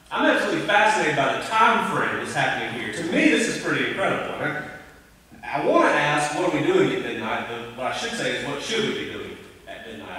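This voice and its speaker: A man preaching a conversational, animated sermon, recorded from a distance in a church sanctuary. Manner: conversational, animated preaching with sudden rises in pitch. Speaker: pastor. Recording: echoey church hall, voice from a distance.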